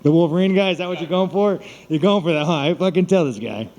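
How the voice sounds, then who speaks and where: A fighter at a media scrum talks in a somewhat high voice, swearing in nearly every sentence and teasing the reporters around him. His voice carries a long reverb from a big hall. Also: fast talker, darkish tone. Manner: blunt, swearing, mocking. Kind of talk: profane, boastful press scrum talk. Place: large room at a media event.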